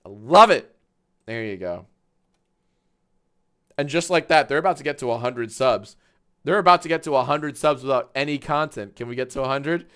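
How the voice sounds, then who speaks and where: Hyped up guy streaming, loud and swears a lot, voice jumps all over, bright edgy tone. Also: moderate pace, pauses often, clear, resonant tone. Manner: excitable, loud, swears, laughs often, big swings in pitch and volume. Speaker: livestream host. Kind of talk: casual livestream chat.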